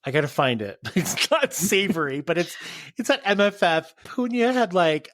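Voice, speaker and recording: A man tells stories as a podcast guest, his voice sitting a little high. He giggles his way through anecdotes. The sound is dry and close. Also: lively intonation, moderate pace, a bit bright, no echo. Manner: giggly, chatty, storytelling. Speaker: interview guest. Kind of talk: casual podcast chat.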